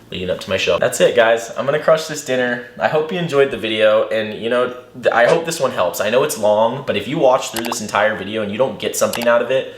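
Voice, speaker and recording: A man's voice: lowish voice, a little hiss or hum. A bodybuilder and nutrition coach talking his viewers through a how-to vlog in a casual, chatty way, calling them guys. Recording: echoey room.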